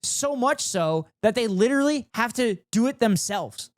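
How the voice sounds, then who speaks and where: A man's voice: very high-pitched, animated, moderate pace, dry recording, clean studio sound. A young man streaming, chatting casually and ranting with heavy swearing and sarcasm. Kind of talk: casual stream chat, reacting and reading chat.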